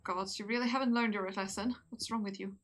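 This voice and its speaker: A woman's voice: medium pitch, fairly even intonation, fairly quick, a bit bright, close to an everyday voice. A woman voicing an irritated young male guard who snaps at a prisoner. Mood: exasperated. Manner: exasperated, snapping.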